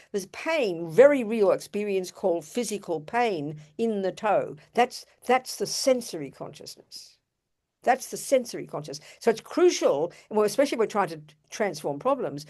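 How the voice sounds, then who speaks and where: In a medium-pitched, slightly mellow voice, an older Buddhist teacher delivers a dharma talk with earnest emphasis. She speaks to her listeners through rhetorical asides.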